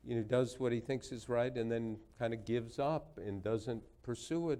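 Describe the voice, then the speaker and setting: A man's voice: mid-range voice, moderate pace, hardly any pauses, warm tone. A man in his sixties giving a lecture, telling anecdotes with dry, wry humor that builds to punchlines. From United States. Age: 60s. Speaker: guest lecturer. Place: lecture hall before an audience.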